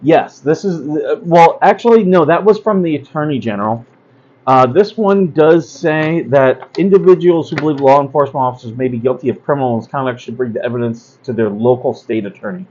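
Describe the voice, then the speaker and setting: A man's voice: mid-range voice, brisk, darkish tone, lo-fi sound. A man hosting a casual livestream talk, blunt and rambling, with many fillers and asides. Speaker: host.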